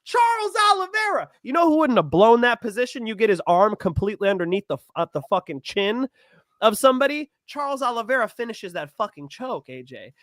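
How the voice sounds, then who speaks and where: High-voiced, blunt man talking fights. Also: dry recording, studio quality. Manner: animated, blunt, swears often, gets loud when worked up. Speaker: MMA podcast co-host. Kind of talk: casual sports betting chat.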